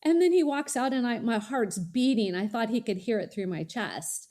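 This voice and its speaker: A middle-aged woman, a college strategist guest, telling a lively story in a podcast interview and acting out the dialogue. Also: on the high side, normal speed. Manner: animated, acts out dialogue in quoted voices.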